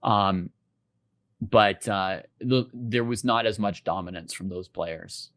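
A man co-hosting a casual podcast chat, speaking in a thoughtful, measured way. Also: on the low side, fairly bright tone, no echo. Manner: thoughtful, measured, often says "right?". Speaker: podcast co-host.

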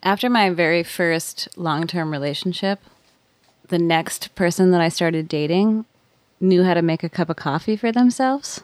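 A woman chatting casually, blunt and profane, telling an animated story. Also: lowish voice, normal speed, no room sound. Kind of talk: casual chat.

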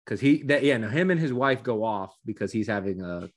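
A man's voice: fairly low pitch, brisk. A man co-hosting a podcast, chatting casually and animatedly, acting out quotes from a film. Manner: animated, laughing, acts out quotes. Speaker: podcast co-host. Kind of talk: casual chat.

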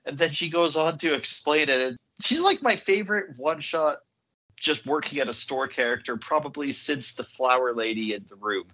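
A man co-hosting a casual film podcast, playful and quick to laugh. His voice is bright and sharp, and his pitch swings a lot as he talks. The sound is a bit dull and lo-fi. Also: expressive. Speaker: podcast co-host.

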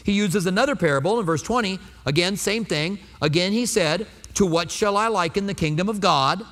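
Man pastor, high voice, sermon, chatty with rhetorical questions, long hall reverb. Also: fairly quick, fairly bright tone. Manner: conversational, asks the congregation rhetorical questions.

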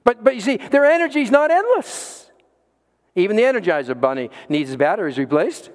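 Male pastor with a high voice, emphatic pulpit delivery, long church reverb. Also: very animated. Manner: emphatic preaching with dramatic pauses and repetitions. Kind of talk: sermon.

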